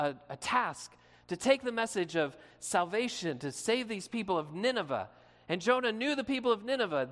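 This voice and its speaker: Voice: medium pitch, fairly bright tone, big-room sound. A pastor preaching a sermon in a conversational way, asking the listeners questions and acting out short quotes.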